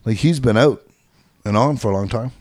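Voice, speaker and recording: A man co-hosting a podcast, joking and teasing in halting casual chat. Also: medium pitch, a little mellow, no echo. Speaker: podcast co-host.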